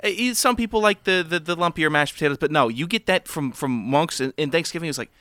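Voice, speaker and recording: Man, podcast co-host, casual chat, agreeable, fast talker, dry close mic. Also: a little high, bright, forceful tone, dry recording. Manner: laughing along, agreeable sidekick.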